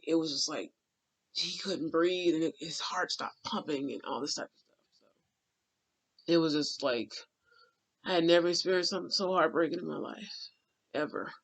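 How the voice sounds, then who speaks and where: A man with a husky, bright voice tells a dream in loose, rambling talk. He speaks with raw emotion and plenty of fillers, and his pitch sits a little high for a man. Now and then he drops into a hushed aside. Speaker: dream channeler. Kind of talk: casual spoken dream recounting.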